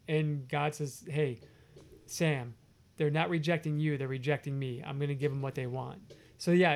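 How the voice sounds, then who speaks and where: A man co-hosting a casual Bible study conversation, animated and playful, acting out quotes with voices. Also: a little high. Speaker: podcast co-host discussing scripture.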